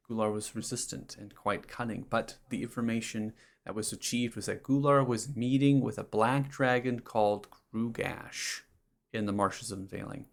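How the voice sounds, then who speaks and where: A male game master walks the players through a summary of recent events in a tabletop game. His voice is low and gravelly. He rambles a little, circling back and filling pauses as he goes. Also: fairly bright tone. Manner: rambling summary with fillers and restarts.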